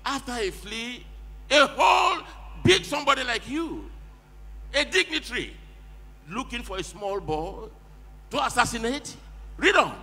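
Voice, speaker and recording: This man preaches, his high voice bouncing up and down as he retells each verse emphatically and calls for the next. His tone is very bright and cutting. The sound rings with the long reverb of a large church hall. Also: sing-song, normal speed, pauses often, husky. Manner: emphatic, retells each read verse in plain words and prompts the reader. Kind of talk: sermon.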